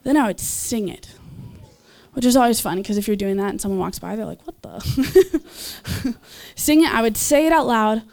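A young woman giving a casual, enthusiastic sermon, chatting with laughs and fillers and jumping up in pitch when she voices others. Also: fairly quick, gravelly. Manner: animated, leaps in pitch when voicing others. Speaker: speaker at a church gathering.

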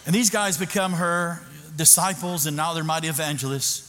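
Animated man preaching in an echoing hall. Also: on the high side, moderate pace. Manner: animated, self-mocking, with frequent restarts. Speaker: pastor. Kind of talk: storytelling sermon. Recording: echoey hall with background noise.

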